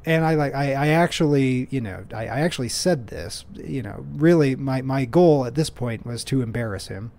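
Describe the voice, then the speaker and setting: A man's voice: medium pitch, expressive, normal speed, hardly any pauses, warm tone. A man hosting his own podcast, telling stories in a rambling, self-deprecating way with lots of fillers. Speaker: podcast host. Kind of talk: casual solo monologue.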